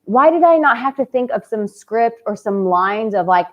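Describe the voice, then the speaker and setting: A woman's voice: on the high side, animated, normal speed, lo-fi sound. A woman who coaches men on dating, giving advice straight to her viewers in a passionate, candid and cheeky way, with the odd casual swear. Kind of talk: direct-to-camera advice vlog.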